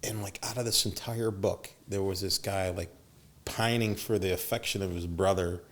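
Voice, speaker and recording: A man's voice: low voice, fairly even intonation, normal speed. A middle-aged man telling stories as a podcast guest, acting out quotes with big jumps in his voice and swearing freely. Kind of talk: storytelling interview.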